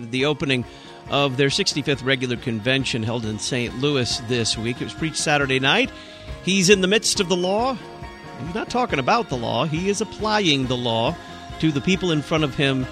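A man hosting a radio talk show, explaining a sermon and promoting a journal in a measured way. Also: mid-range voice. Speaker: radio host.

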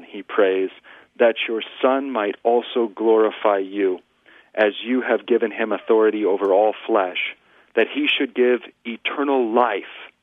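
Male pastor guest, low voice, earnest scripture teaching, dry thin phone-line sound. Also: dry recording. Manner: earnest, quotes scripture at length. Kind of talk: teaching a scripture lesson on radio.

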